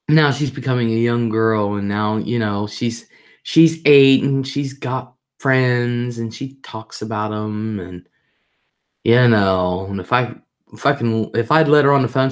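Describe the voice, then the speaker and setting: On her casual live stream, a middle-aged woman reads viewer comments and chats about her family, repeating herself for emphasis and doing voices for family moments. She speaks at a measured pace in an extremely low pitch.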